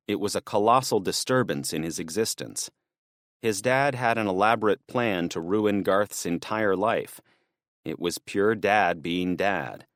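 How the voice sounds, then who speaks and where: Casting: deep male audiobook narrator, measured and even, dry close studio sound. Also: no echo. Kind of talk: scripted narration.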